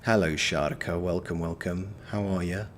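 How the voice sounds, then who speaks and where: A man and voice actor giving live-stream gameplay commentary, swearing freely as he yells at the game and chats with viewers. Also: low-pitched, moderate pace, a little hiss or hum. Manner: animated, swears freely, talks to the game and to chat.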